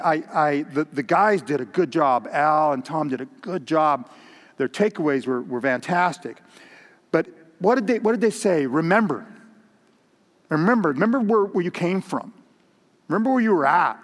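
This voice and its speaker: A man preaching a sermon in a conversational way, repeating words and asking the congregation questions. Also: a little high. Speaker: pastor. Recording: long reverb in a hall.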